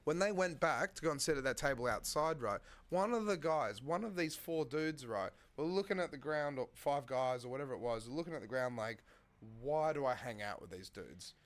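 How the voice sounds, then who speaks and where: A man's voice: fairly high pitch, expressive, a little fast, hardly any pauses, fairly bright tone. Australian man telling a story. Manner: tags lines with "right?". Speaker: podcast host. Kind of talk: casual storytelling chat.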